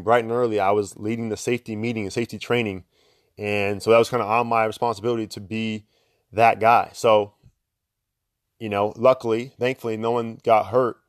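A man's voice: lowish voice, no room sound, studio quality. A young man hosting a podcast, talking casually about self-improvement, filling gaps with "right?" and short laughs. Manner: conversational, lots of fillers and "right?" tags; laughs between points. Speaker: podcast host. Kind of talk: casual motivational monologue.

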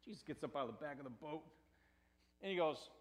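An American man preaching a sermon, telling a story with animated swings between loud quoted lines and hushed asides, laughing often. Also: fairly high pitch, fast talker. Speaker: pastor.

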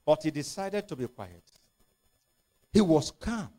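A man's voice: a little high, lively intonation, a little slow, mellow. A male preacher, giving an impassioned sermon and acting out the scripture scenes in voices.

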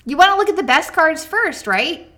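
A woman's voice: extremely high pitch, animated, normal speed, pushed and bright. A woman co-hosting a casual card game chat, bubbly and chatty, full of "like" and "um", with a touch of hiccups. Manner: bubbly, chatty, many "like" and "um" fillers. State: has the hiccups. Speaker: card game podcast co-host.

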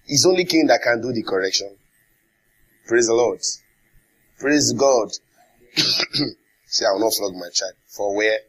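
Nigerian male pastor, emphatic sermon delivery, husky and a little high-pitched. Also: fairly bright tone. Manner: emphatic preaching with call-and-response and acted quotes.

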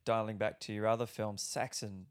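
A man's voice: lowish voice, little pitch movement, normal speed, smooth. A young man hosting a podcast, chatting casually and animatedly, swearing and laughing often. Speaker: podcast host. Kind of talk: casual chat.

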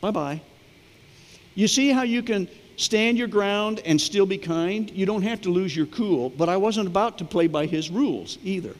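Middle aged pastor guy preaching, fairly high voice, does little voices for ppl in his stories, long church echo. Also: normal speed, few pauses. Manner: storytelling, acts out quoted voices. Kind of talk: sermon.

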